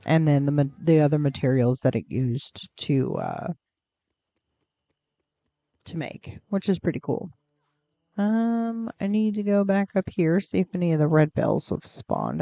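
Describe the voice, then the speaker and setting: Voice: mid-range voice, unhurried, vocal fry, warm tone, dry recording. A game streamer in casual gameplay commentary, chatty and rambling, cooing at pets in the game, close to a desk mic.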